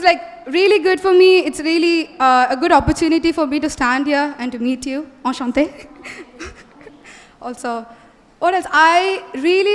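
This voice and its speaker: A young woman student giving eager spoken feedback, mixing in French phrases. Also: sits high. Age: young adult. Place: college hall. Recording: hall reverb.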